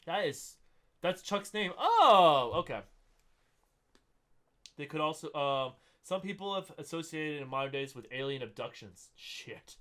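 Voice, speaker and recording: A man with a high voice that leaps around as he hosts a podcast. He talks in a loose, unscripted way and swears freely. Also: animated, unhurried, fairly bright tone. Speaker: podcast host. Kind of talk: casual chat.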